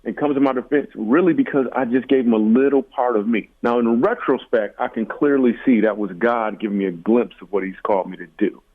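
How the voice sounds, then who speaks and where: A man's voice: mid-range voice, brisk, few pauses. Jokey man over a tinny line. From Michigan, USA. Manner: animated, jokey, self-deprecating. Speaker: comedian guest. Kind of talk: casual interview storytelling.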